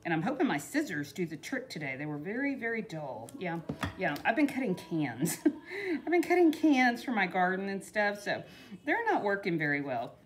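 A middle-aged craft vlogger chats her way through a casual DIY tutorial, rambling along with lots of "you know"s and laughter. Her mid-range voice is very animated and moves at a moderate pace.

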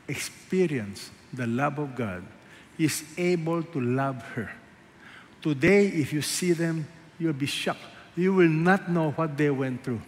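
A man preaching a sermon as a pastor, asking the congregation rhetorical questions and swinging between loud emphasis and hushed asides. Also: a little high. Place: large church hall. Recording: echoey church hall, faint ambience.

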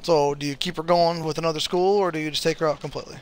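A man with a slightly high voice chats easily over a video game. He trash-talks his friend and yelps when he gets a kill. A faint hiss sits under the recording. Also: fairly even intonation, racing. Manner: chatty, trash-talking, yelps when he scores. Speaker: gamer streaming with a friend. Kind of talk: casual gaming chat.

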